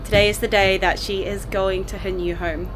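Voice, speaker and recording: A woman's voice: medium pitch, level tone, normal speed, faint music behind. A young woman hosting a sailing vlog, chatting to the camera in an upbeat, casual way with filler ums. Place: outdoors in a boatyard. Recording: outdoor noise behind.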